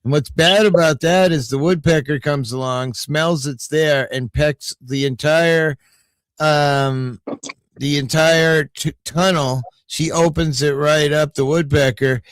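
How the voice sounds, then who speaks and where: An older man hosts a loose livestream chat, drifting from story to story and cursing without a second thought. His voice sits a little high for a man, and the sound is close and dry, with no room around it. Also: fairly even intonation, takes it slowly, dry recording. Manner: rambling storyteller, swears freely. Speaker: livestream host.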